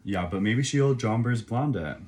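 A man's voice: medium pitch, normal speed. A man co-hosting a podcast in casual chat, rambling and full of fillers. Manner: rambling, filler-heavy, excitable. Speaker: podcast co-host.

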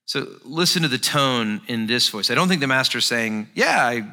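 Bright, animated male preacher. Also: medium pitch, moderate pace. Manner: expressive, dramatizing the text. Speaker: pastor. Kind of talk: sermon.

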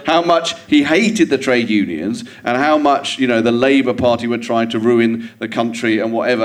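A man's voice: mid-range voice, fairly quick, few pauses. A middle-aged English man, a comedian guest, telling a long anecdote to a live theatre audience and acting out the quotes in it. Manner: animated storyteller who acts out quotes, builds to punchlines.

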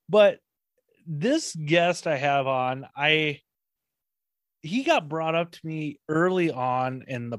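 A man's voice: medium pitch, fairly bright tone, no room sound, studio quality. Profane, rambling male podcast host. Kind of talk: casual chat.

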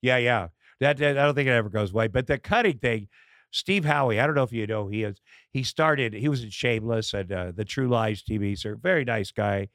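A middle-aged man, a comedian and podcast guest, in casual chat, telling candid stories with halting fillers and acted-out dialogue. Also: medium pitch, fairly bright tone, dry recording, clean studio sound.

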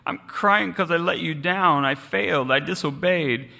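A man's voice: a little high, moderate pace, creaky, pushed and bright, big-room sound, voice pushed up. A man voicing a young male sheep who is crying and blubbering out his regret. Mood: tearful. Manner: blubbering, tearful. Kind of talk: storybook character voice.

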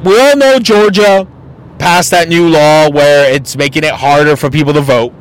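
Blunt high-voiced man ranting. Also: normal speed, clear, resonant tone, poor audio. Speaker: podcast host. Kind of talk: opinion podcast monologue.

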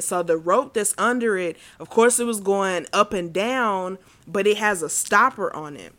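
A woman's voice: medium pitch, fairly bright tone. A woman telling a personal story in a casual, profane and heated rant. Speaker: storyteller recounting a personal incident.

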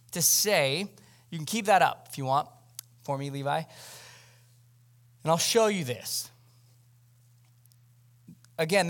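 A pastor with a notably high voice preaches in a relaxed, conversational way, often turning to address his listeners directly. He delivers his sermon from the pulpit of a church service.

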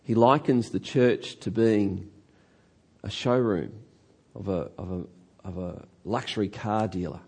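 A male pastor preaching a sermon in a church hall, telling a story with animated delivery and drawn-out key words. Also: on the low side, breathy edge.

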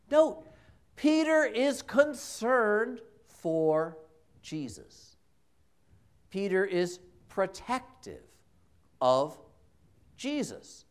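A man's voice: sits high, very animated, very slow, pauses often, clear, resonant tone. A man preaching a homily in a church, telling the story conversationally and dramatically, with emphatic repetition. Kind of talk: sermon. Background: congregation.

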